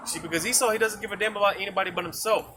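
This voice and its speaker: A man's voice: sits high, very fast. A man preaching outdoors on a street in a casual, repetitive way, often tagging his points with "man" and "you see". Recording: noisy outdoor street recording. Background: traffic noise.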